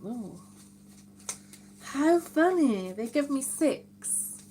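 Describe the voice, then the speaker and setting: A woman's voice: sits high, lively intonation, very slow, dark tone, slight background noise. A woman hosting a casual live stream from home, reading viewer comments aloud and reacting with amused exclamations. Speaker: livestream host.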